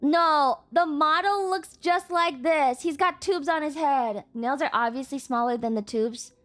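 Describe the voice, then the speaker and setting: A woman's voice: sits high, unhurried, a bit bright. A young woman streaming in casual chat, swearing freely and breaking into exasperated outbursts at her chat.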